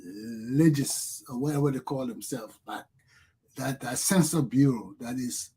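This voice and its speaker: Brief: Liberian male commentator, husky, impassioned ranting delivery, mid-pitched. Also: a little slow, dark tone. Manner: impassioned, bitter laughter, outbursts.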